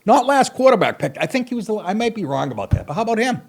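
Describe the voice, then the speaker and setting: This middle-aged podcast host has a high-sitting voice and talks fast, very animated. His monologue is a profane, rambling comic story built on self-mockery, sardonic asides, and sudden laughs.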